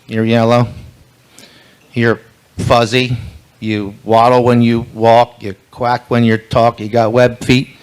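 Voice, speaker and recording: A plain, helpful skunk who patiently lists traits one by one, voiced by a man telling a joke. Slow and deliberate, close to the teller's everyday voice. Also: mid-range voice, level tone, clear, resonant tone, voice pushed down, lightly acted. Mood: explaining. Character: matter-of-fact male skunk, helpful.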